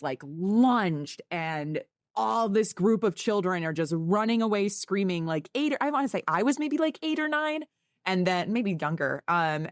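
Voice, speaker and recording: A woman co-hosting a podcast, telling a story in a rambling, halting way and correcting herself as she goes. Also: lowish voice, no echo, clean studio sound. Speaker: podcast co-host. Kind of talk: casual storytelling.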